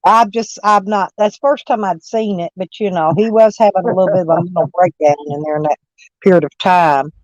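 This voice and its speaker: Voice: medium pitch, a little fast, dry recording, dull audio. A person telling a story in casual livestream chat, rambling and stumbling over restarts.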